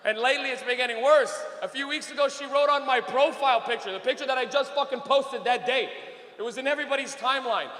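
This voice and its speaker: A man's voice: very high voice, fast, fairly bright tone. A young man doing a brash, profane stand-up comedy set on a club stage. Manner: brash, profane, laughing storyteller. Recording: echoey club with long reverb.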